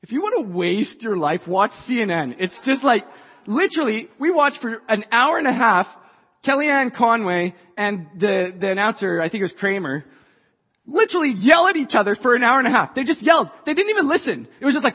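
A woman preaching a sermon to a church, passionate and rising to shouts. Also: fairly high pitch, very animated, a little fast, husky. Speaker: church speaker. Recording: dull sound in a reverberant hall.

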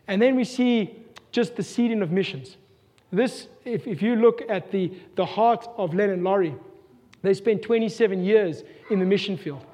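South African pastor, high male voice, earnest sermon full of questions, church-hall reverb. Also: moderate pace, mellow. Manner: earnest, rhetorical questions, repeats himself.

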